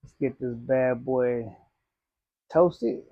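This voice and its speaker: Man, relaxed, conversational, cigar review talk, mid-pitched voice. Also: drawn-out words, dull audio. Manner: laid-back, conversational, frequent "you know".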